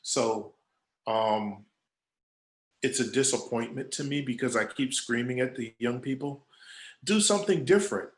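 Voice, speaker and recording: A man's voice: medium pitch, a little slow. A man speaking as a guest creative director, telling stories casually and acting out what others said. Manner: animated storyteller acting out quoted voices. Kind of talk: casual storytelling Q&A. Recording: echoey room.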